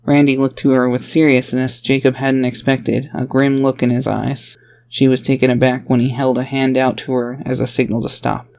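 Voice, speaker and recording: A man's voice: medium pitch, level tone, normal speed, vocal fry, a little mellow, slight background noise. A man reading a fantasy audiobook aloud in a plain storytelling voice. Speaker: audiobook narrator. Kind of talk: audiobook narration.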